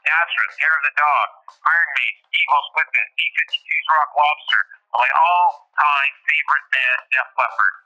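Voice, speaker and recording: A man hosting a podcast, reading his own memoir aloud in a steady, formal way. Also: fairly high pitch, moderate pace, hardly any pauses, rough recording. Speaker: podcast host.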